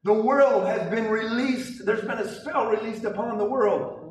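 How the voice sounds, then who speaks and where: High-voiced fiery preacher in echoey hall. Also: male voice, a little slow, far from the mic. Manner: emphatic, rousing, with repeated restarts. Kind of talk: fiery charismatic sermon.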